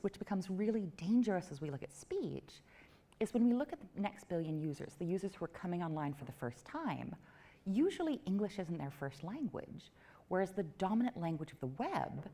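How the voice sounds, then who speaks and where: Playful woman speaker at a tech meetup, lowish voice that swings widely, self-mocking asides. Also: warm tone. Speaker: conference speaker. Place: event venue before a live audience.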